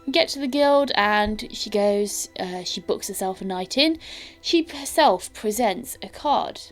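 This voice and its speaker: Game master woman, steady scene narration, faint music behind. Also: medium pitch, measured pace, poor audio.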